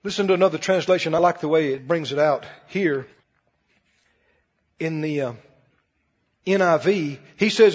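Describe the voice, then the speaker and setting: A man's voice: a little high, moderate pace, pauses often, slightly rough. A man preaching a sermon in a folksy, emphatic way, often putting questions to the audience. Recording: dull echoey hall broadcast.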